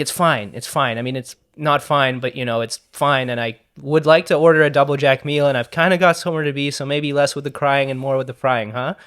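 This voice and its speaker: A man performing a practice monologue as an annoyed, sardonic man telling a grim story in a dry, deadpan way. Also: medium pitch, lightly acted.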